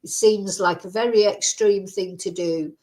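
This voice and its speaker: A woman's voice: mid-range voice, steady tone, measured pace, mellow. A woman hosting a true crime livestream, talking in a chatty, rambling way with lots of fillers. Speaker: true crime channel host. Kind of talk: casual livestream commentary.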